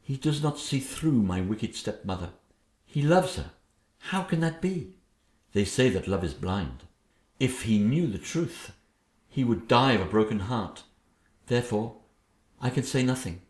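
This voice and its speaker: A man's voice: medium pitch, very animated, measured pace, long pauses, darkish tone. A man voicing a meek young girl who mutters sardonic asides. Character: sweet but sly young princess, girl, resentful. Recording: echoey room.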